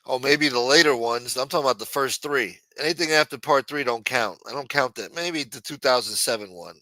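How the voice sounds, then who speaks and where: A man's voice: medium pitch, a little fast, bright, forceful tone, no echo, poor audio. Profane, teasing male livestream host. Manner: profane, teasing, riffs on viewer chat. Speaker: live show host. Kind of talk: casual live-stream chat.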